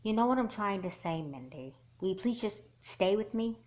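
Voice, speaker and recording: A woman voicing a calm, blunt teenage girl in a doll movie, asking pointed questions in a level way. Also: mid-range voice, moderate pace, slight background noise, close to an everyday voice. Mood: probing.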